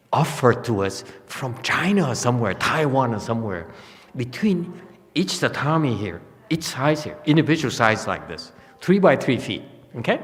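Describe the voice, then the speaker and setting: Slow-talking monk in a reverberant hall. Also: male voice, medium pitch. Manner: anecdotal, laughing often, halting with fillers. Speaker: Buddhist teacher. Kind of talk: dharma talk. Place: monastery hall.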